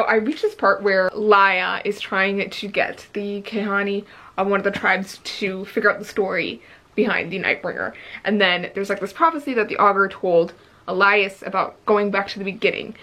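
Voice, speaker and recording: A young woman giving an excited reading-update vlog, gushing and breathless, with lots of filler words. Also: mid-range voice, rough recording. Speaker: book vlogger.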